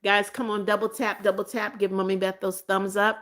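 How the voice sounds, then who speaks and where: A woman's voice: mid-range voice, flat delivery, moderate pace, fairly bright tone. A woman who used to teach, hosting a casual live stream where she reads viewer comments aloud and answers them with repeated greetings and frequent restarts.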